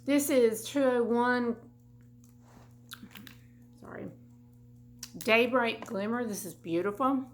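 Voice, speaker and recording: At home, a woman vlogger rambles chattily through a casual haul, full of asides and restarts. Her fairly high voice is slow, with frequent pauses, over soft background music.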